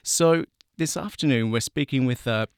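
A man's voice: mid-range voice, normal speed, smooth, no room sound, studio quality. Chatty Australian male radio host. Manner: chatty, jokey, loose with fillers. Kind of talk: casual interview.

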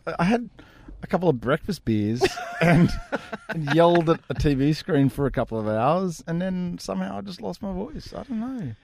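A man co-hosting a casual radio chat, his voice hoarse and croaky. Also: on the high side, sing-song, moderate pace, background noise. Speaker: radio co-host.

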